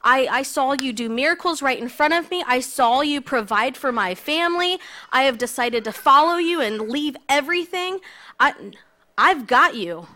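A woman's voice: sits high, animated, moderate pace, bright, forceful tone, pitched above the performer's own voice. A woman voicing an impassioned male disciple who earnestly pleads his loyalty, in her own voice.

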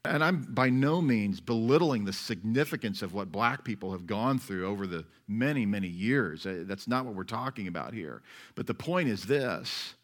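A man's voice: lowish voice, expressive, moderate pace. Conversational male pastor preaching. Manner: conversational, wry, shifts between loud and soft. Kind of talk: sermon.

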